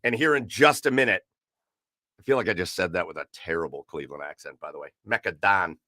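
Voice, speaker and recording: A chatty man hosts a relaxed sports talk show. His tone is bright and forceful, and he rambles along with plenty of fillers and repeated words. The sound is dry and close, with no room echo. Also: deep voice, fast talker. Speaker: podcast host.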